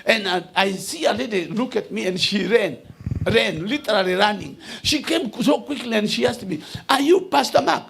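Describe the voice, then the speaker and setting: Gravelly, high-voiced man preaching. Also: expressive, moderate pace, slight background noise. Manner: builds to shouted declarations, often repeats and restarts words. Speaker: bishop preaching to a congregation. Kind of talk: sermon.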